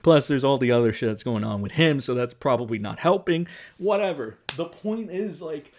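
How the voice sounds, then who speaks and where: A man's voice: mid-range voice, expressive, normal speed, a little mellow. A young man giving a profane, sarcastic rant, reacting to social media posts as a commentary streamer. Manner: profane, sarcastic, mocking voices of others.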